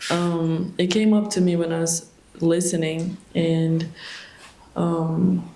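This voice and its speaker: Young woman asking a question at a retreat q&a, lowish voice, halting, lots of ums and restarts, echoey room. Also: dark tone, slight background noise. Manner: hesitant, searching, many fillers and restarts. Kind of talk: question at a monastery Q&A. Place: meditation hall at a retreat. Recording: echoey hall.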